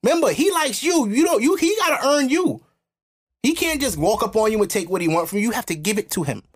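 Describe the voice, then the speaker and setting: A young man hosting a podcast, talking bluntly and preaching in a loose, casual way. When he quotes other people, he mimics them in high, mocking voices. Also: lively intonation, fast. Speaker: podcast host.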